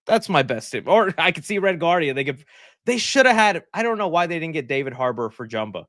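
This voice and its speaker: Man, livestream host, high lively voice, rambling and joking, dry close mic. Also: fairly quick, dry recording. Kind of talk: casual livestream chat. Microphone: desk mic.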